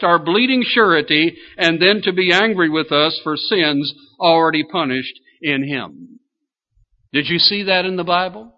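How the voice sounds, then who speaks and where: A man's voice: on the high side, unhurried. An older man preaching a sermon in a folksy way, asking his listeners questions as he goes. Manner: folksy, asks the congregation questions. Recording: dull lo-fi sound.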